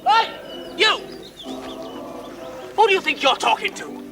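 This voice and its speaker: An actor with a Welsh accent playing a blunt, hot-tempered young miner in a 1970s television period drama. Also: male voice, mid-range voice, sing-song, moderate pace, over music, natural voice. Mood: angry.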